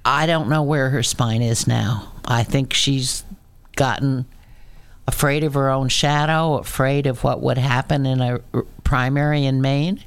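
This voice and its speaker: An older woman talks slowly in a gravelly voice. As an interview guest, she is blunt and leans on stories from her own experience. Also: very deep voice, steady tone, no room sound. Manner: blunt, anecdotal. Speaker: guest, activist. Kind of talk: interview conversation.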